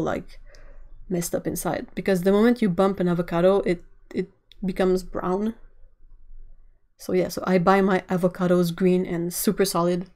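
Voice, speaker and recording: A woman's voice: fairly low pitch, a little mellow. A woman from Canada, chatting casually and rambling while she draws on a livestream, laughing often. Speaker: artist livestreamer. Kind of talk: casual chat while drawing on stream.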